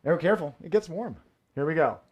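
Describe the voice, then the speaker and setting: A man's voice: fairly high pitch, lively intonation, fast. Playful joking showman at home. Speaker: fire performer and host. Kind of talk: live-streamed show banter. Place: home room indoors.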